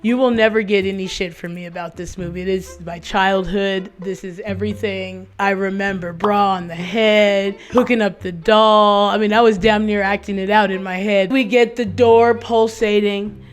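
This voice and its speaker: A woman's voice: medium pitch, fairly even intonation, moderate pace, hardly any pauses, soft background music. A woman casually recapping a movie with a co-host, wry and laid-back, acting out lines. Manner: laid-back, wry retelling with quoted voices.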